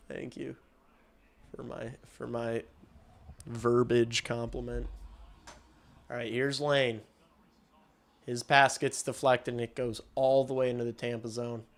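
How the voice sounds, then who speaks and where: A man streaming a hockey game and calling the play-by-play, excitable and swearing casually, shouting on big plays. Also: mid-range voice, measured pace, pauses often. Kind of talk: live watch-along hockey commentary.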